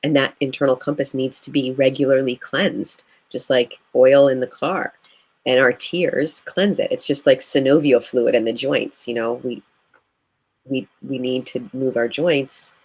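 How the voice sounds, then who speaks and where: A woman's voice: a bass voice, fairly even intonation, unhurried, darkish tone, breathy edge. Earnest woman grief guide, reflective. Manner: earnest and reflective, with many "you know" fillers. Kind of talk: live video interview.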